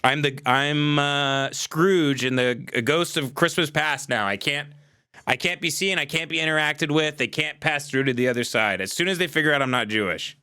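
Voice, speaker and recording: A livestream host, a man, talking into his desk mic in a casual rant. His voice is bright and sharp. He sounds exasperated and profane, and he shouts now and then. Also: on the high side, moderate pace, clear, resonant tone. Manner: shouts at times. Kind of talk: casual ranting monologue.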